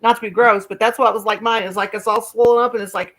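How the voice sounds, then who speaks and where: A woman's voice: on the high side, steady tone, fairly bright tone. A woman hosting a live stream, chatting casually and telling a rambling story. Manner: rambling storyteller, quick asides, folksy. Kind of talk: casual chat.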